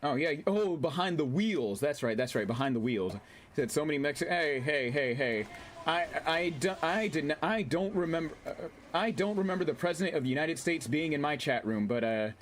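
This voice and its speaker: Excitable man streaming a game. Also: fairly high pitch, normal speed, a little hiss or hum. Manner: excitable, swears and laughs, reads chat aloud. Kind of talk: casual gameplay commentary.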